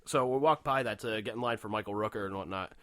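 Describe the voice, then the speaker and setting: A man co-hosting a casual podcast, telling stories in an animated way with lots of swearing and laughter. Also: on the low side, fast talker, no echo, clean studio sound. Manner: animated storytelling, heavy swearing, frequent laughter. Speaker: podcast co-host. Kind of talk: casual chat.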